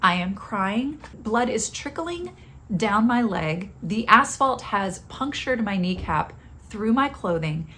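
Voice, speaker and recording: A woman's voice: fairly high pitch, sing-song, slow pace, pushed and bright. A middle-aged woman hosting a podcast, telling a personal story in a candid, confessional way. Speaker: podcast host.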